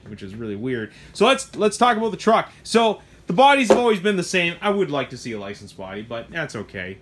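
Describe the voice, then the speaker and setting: Rambling, animated middle-aged man. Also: fairly high pitch, slight background noise. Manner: animated, rambling, swears mildly, lots of asides. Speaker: hobby shop owner reviewing a truck. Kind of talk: casual product talk.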